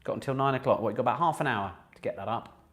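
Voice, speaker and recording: A man's voice: medium pitch, very fast, fairly bright tone. A man hosting a live online pub quiz, chatting with viewers and reading out each question twice. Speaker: quiz host.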